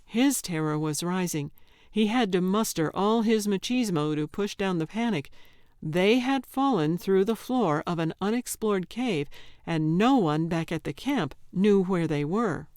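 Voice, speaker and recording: A woman narrating an audiobook in a measured, deliberate storytelling manner. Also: on the low side, expressive, darkish tone, no room sound, studio quality.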